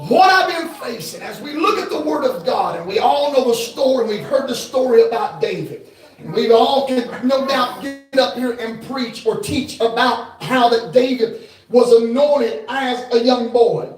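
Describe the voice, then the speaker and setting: A man preaches to his congregation in a high, ringing voice, shouting out his points with great fervor. He sounds distant from the mic, and his voice booms around a large echoing church hall. Soft music plays behind him. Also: a little slow. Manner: fervent, shouting preacher who acts out the scripture characters. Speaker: pastor. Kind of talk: shouted revival sermon.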